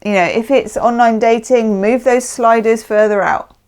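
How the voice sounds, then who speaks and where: A woman's voice: on the high side, fairly even intonation, normal speed, darkish tone, smooth. A woman giving a casual, chatty tarot reading, emphatic and often checking in with the listener. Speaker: tarot reader.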